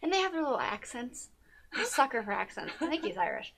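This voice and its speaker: A woman's voice: high-pitched, sing-song, quick pace, creaky, a bit bright. A woman co-hosting a TV talk show, chatting casually and gushing about a documentary, with many fillers. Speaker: podcast co-host.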